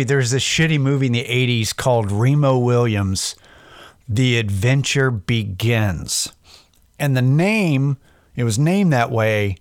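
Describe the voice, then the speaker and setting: A man's voice: medium pitch, smooth, no room sound. A man talks straight into a close mic in a dry, dead room. He speaks in a middle register, rambling and self-deprecating, swearing freely as he wanders off topic and back while coaching listeners through a sobriety pep talk. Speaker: podcast host.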